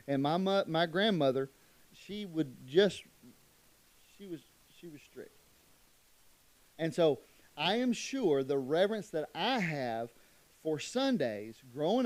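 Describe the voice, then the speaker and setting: A middle-aged man preaching a church sermon, emphatic, moving between loud declarations and quiet asides. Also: fairly high pitch. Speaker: pastor.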